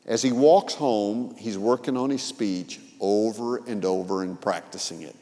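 A man preaching a sermon, retelling a parable with vivid acted-out quotes that swing between loud and soft. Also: lowish voice, unhurried, few pauses, long reverb tail. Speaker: pastor. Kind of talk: sermon storytelling.

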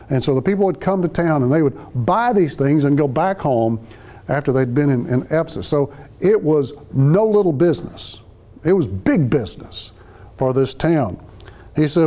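Man, preacher, verse-by-verse sermon, conversational, warm tone, slightly high voice. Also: moderate pace. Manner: conversational, explains each phrase, acts out quotes. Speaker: Bible teacher.

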